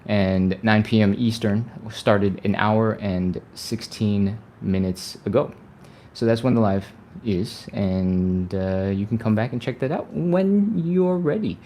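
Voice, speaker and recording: A man's voice: fairly low pitch, slow, warm tone, a little hiss or hum. A man leading a live stretching workout, chatty and upbeat, sighing and laughing between cues. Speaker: stretching coach.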